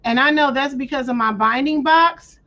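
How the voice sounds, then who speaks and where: A woman hosting a casual craft tutorial, walking viewers through each step in a chatty way, with playful slang and frequent throat clearing. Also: sits high, normal speed, bright, forceful tone. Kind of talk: casual screen-share tutorial. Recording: dull lo-fi audio.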